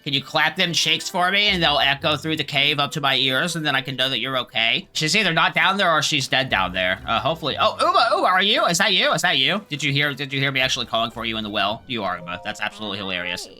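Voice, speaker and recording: A man's voice: mid-range voice, quick pace, few pauses, bright, forceful tone. A man giving casual gameplay commentary as the video host, rambling and joking with bits of swearing.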